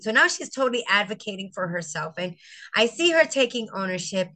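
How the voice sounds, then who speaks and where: Middle-aged teacher lady telling a story, bright voice, acts out her students, gets teary. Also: a little high, moderate pace. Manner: animated, acts out quotes, tearful at times. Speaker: veteran teacher, guest. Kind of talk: emotional personal storytelling.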